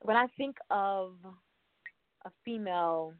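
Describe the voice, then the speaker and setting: A woman's voice: medium pitch, slow pace, dry recording. Woman host on a tinny phone line. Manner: chatty, warm introductions with fillers. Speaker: radio show host. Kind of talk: interview.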